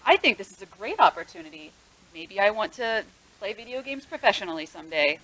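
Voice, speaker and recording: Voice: mid-range voice, lively intonation, fairly quick, sharp tone, low-quality recording. A tabletop player voicing a cheerful, clumsy teenage schoolgirl who loves video games and talks in a bubbly, defensive way. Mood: huffy.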